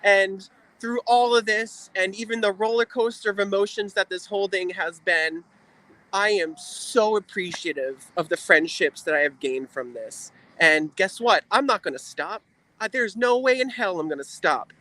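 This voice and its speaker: A man's voice: sits high, normal speed, pushed and bright, dry recording. A man speaking as a guest on a livestream, earnest and emotional, repeating phrases for emphasis. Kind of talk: earnest heartfelt talk.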